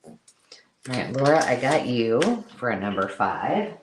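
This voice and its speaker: A woman's voice: rumbling low, measured pace, noisy background. Chatty woman hosting a live craft sale. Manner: chatty and excitable, counting items aloud. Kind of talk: casual live-stream selling chat.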